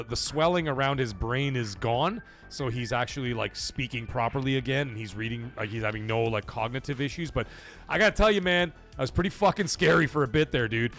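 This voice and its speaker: A man's voice: medium pitch, fairly bright tone. A middle-aged man hosting a live stream, chatting casually, reading viewer messages aloud, and telling stories in a loose, profane, emotional way. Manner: profane, rambling, emotional storytelling; reads viewer super chats aloud. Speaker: livestream host.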